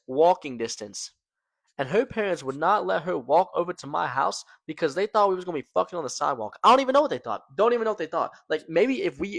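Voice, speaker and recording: Young male storytelling vlogger, animated slangy delivery, dry close sound. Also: high voice, gravelly, no echo. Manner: slangy, animated, fillers like "man" and "right?". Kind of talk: casual storytelling to camera.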